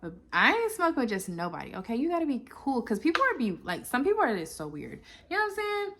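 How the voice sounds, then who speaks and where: A woman's voice: sits high, very animated, quick pace, fairly bright tone. A woman vlogging to camera in casual chat, rambling and chatty with many filler asides.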